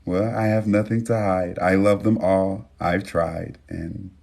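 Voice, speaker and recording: Very deep-voiced man chatting on a livestream. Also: steady tone, unhurried, gravelly. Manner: loose, profane, addresses viewers as y'all; reads viewer names with warm affirmations. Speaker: livestream host. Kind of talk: casual livestream chat.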